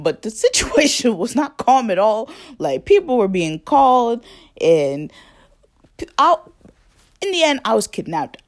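A young woman casually telling a story to the camera, full of fillers and quoted dialogue, laughing often. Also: mid-range voice.

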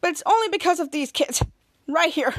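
A woman voicing a cocky grown man superhero in a brash, loud read. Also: very high-pitched, lively intonation, brisk, dry recording. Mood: boastful.

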